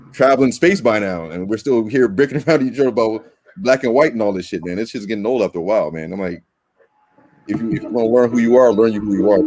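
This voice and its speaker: A man's voice: fairly low pitch, darkish tone, husky. A man arguing his point in a casual discussion, emphatic and swearing freely. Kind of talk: casual debate chat.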